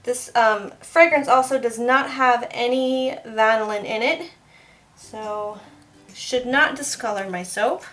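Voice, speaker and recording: A woman's voice: a little high, takes it slowly, fairly bright tone, soft background music. A woman soap maker chatting casually as she works, laughing now and then through her stories. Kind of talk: casual crafting vlog narration.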